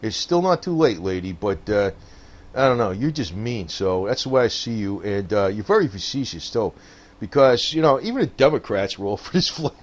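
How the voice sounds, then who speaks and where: A man's voice: fairly low pitch, animated, normal speed. A man talking politics in a casual, rambling monologue, swearing and laughing often and calling the listener "man.". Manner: rambling, profane, laughs often, frequent "man" and "I don't know". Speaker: political commentator.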